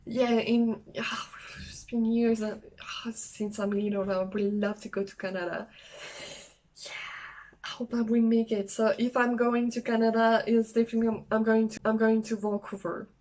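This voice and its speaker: A young woman from France with a French accent, chatting casually and haltingly in a travel vlog, with many fillers. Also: fairly high pitch, little pitch movement, darkish tone, rough recording. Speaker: travel vlogger. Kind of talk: casual solo vlog talk.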